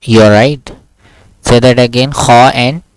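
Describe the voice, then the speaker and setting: A man's voice: mid-range voice, fairly even intonation, slow pace, no room sound. A man teaching an online one-on-one lesson, patient and repetitive, often checking "okay?" and demonstrating sounds. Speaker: Quran teacher. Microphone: video call.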